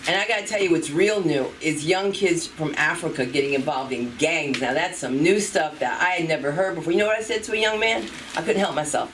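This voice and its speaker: A woman hosting a live comedy show, brash, loose and profane. She sounds set back from the microphone. Steady background noise runs under her voice. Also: low-pitched, brisk, few pauses. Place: comedy venue. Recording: distant mic with noticeable room noise.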